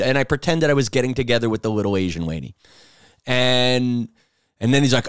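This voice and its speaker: A middle-aged New man rambles through a casual podcast monologue, animated and storytelling as he goes. His voice sits at an ordinary pitch, recorded dry and close with no room sound. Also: fairly quick, clean tone, dry recording. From New York City. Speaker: podcast host.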